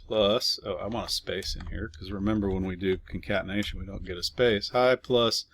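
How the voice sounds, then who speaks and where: A man's voice: low-pitched, fairly even intonation, moderate pace. A man teaching a casual programming lesson, explaining step by step with fillers and offhand asides while typing. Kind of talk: casual screen-recorded coding lesson.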